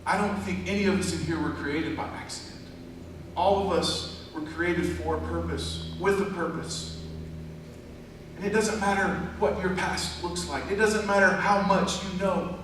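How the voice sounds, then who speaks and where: A man's voice: high-pitched, steady tone, moderate pace, background noise. Man telling a story in an echoey hall. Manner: storytelling, conversational with rising emphasis. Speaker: church speaker. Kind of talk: sermon testimony. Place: large church hall. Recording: echoey church hall from far off.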